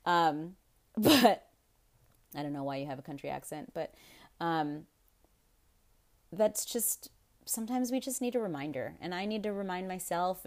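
A woman's voice: fairly low pitch, darkish tone. A woman hosting her own podcast in a casual, rambling monologue, frank and profane, often breaking into laughter. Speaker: podcast host.

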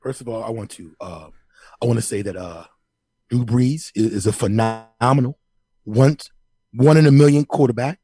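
Guy putting on a big ranting sports talk pundit, loud and preachy, dry room. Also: mid-range voice, normal speed, breathy edge, no room sound, lightly acted. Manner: emphatic, declaiming, indignant.

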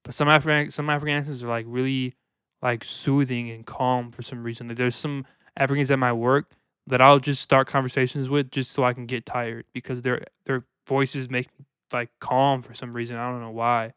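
A man's voice: mid-range voice, flat delivery, moderate pace, a bit bright, clear, resonant tone, no room sound, clean studio sound. A man co-hosting a casual podcast, joking crudely in a laid-back way with lots of fillers. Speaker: podcast co-host.

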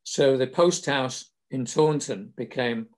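A man's voice: medium pitch, slow, a little mellow. An older man from England hosting a podcast, telling wry anecdotes in a casual storytelling way. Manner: wry, self-deprecating humour. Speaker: podcast host.

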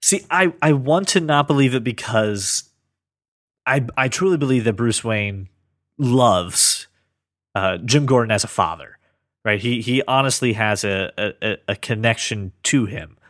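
A man's voice: mid-range voice, unhurried, no room sound. Earnest man chatting, dry close sound. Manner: earnest, thinks aloud with many restarts. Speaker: podcast co-host. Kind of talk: casual chat about comics.

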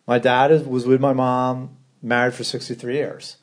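A man's voice: mid-range voice, level tone, normal speed. A man hosting a podcast, talking casually, cutting in with questions and encouragement. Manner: casual, swears, interjects encouragingly. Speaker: podcast host.

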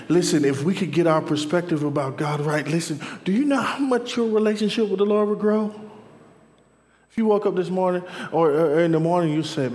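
Preaching man in a reverberant hall. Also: moderate pace. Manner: call-and-response preaching, "Amen?" to the crowd; swings between soft murmurs and loud high shouts. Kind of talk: sermon.

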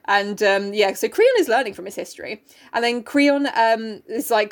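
Woman, high voice, sarcastic, sweary, laughing, casual podcast chat. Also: moderate pace. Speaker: podcast co-host. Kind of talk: casual chat recapping a play.

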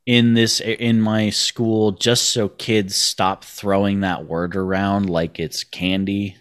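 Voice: low voice, little pitch movement, takes it slowly, clean tone. A teacher co-hosting a casual chat who laughs often and speaks bluntly about students. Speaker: teacher and co-host.

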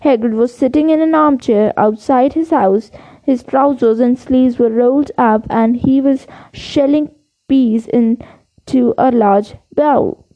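A woman's voice: high voice, takes it slowly, dark tone. A woman reading a children's novel aloud, often stumbling and restarting words. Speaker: audiobook reader. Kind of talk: storybook read-aloud. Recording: dull lo-fi recording.

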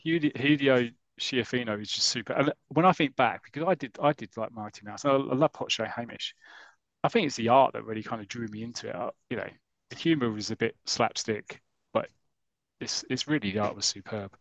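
A man's voice: medium pitch, a little fast, dry recording. A man hosting a podcast, enthusiastically rambling through an old comic story. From United Kingdom. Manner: enthusiastic, rambling, acts out characters' lines. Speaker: podcast host. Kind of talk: casual chat, retelling a comic story.

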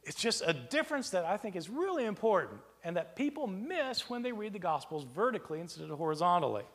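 A man lecturing in a high voice that swings widely in pitch. He talks in an animated way and keeps asking rhetorical questions. His words ring out with a long reverb, as in a big hall. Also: fast talker. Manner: animated, rhetorical questions, plays out imagined exchanges. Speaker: lecturer on early Christian texts.

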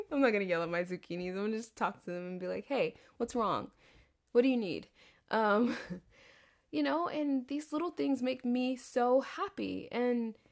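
Chatty, foul-mouthed woman in her thirties. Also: on the high side. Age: 30s. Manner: candid, profanity-laced, chatty with frequent laughs. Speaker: podcast host. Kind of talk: casual rambling monologue.

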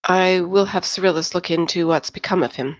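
A woman's voice: fairly low pitch, a little fast, close to an everyday voice. A woman voicing a proud male noble patron who speaks in clipped, commanding lines. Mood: curt.

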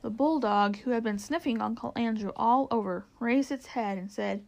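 A woman reading a children's storybook aloud as narrator, in a lively, expressive way. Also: on the high side, normal speed, gravelly, few pauses, low-quality recording.

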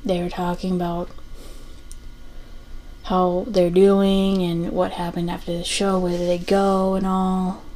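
A woman's voice: fairly low pitch, completely flat delivery, slow, warm tone, low-quality recording. A young adult woman hosting a casual solo podcast, rambling with lots of fillers and restarts. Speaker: podcast host.

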